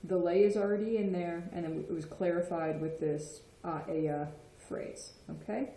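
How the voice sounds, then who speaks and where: Woman teaching, mellow, echoey room. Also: fairly low pitch, normal speed. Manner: patient, checks in with frequent "okay?". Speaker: Spanish teacher. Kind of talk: explanatory lesson.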